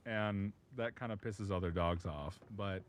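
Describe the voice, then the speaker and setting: A man's voice: fairly low pitch, unhurried, a little hiss or hum. A man streaming and telling a rambling dog story, laughing often and swearing freely. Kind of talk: casual chat.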